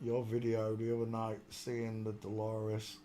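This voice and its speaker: A man's voice: fairly low pitch, monotone, a little slow, warm tone, slight background noise. A man hosting a casual live stream, rambling, mocking and often breaking into laughter.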